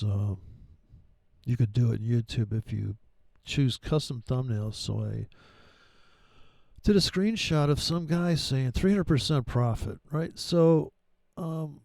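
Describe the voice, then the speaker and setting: Brief: gravelly, dark-voiced male trading educator, profane and sarcastic, dry close mic. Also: medium pitch, dry recording. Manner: rambling, profane, sarcastic asides. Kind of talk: casual profane trading commentary.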